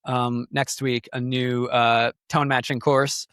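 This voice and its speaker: A man's voice: medium pitch, flat delivery, takes it slowly, fairly bright tone, smooth, no echo, clean studio sound. A young adult man, a guest guitarist, talking in a casual podcast conversation and telling stories in a rambling way full of fillers. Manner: rambling, filler-heavy storytelling.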